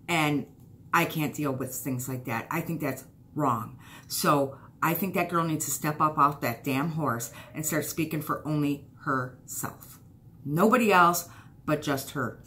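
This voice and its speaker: A woman's voice: deep voice, unhurried, fairly bright tone. A woman YouTuber giving a heated, blunt vlog rant, swearing and hammering points with repetition.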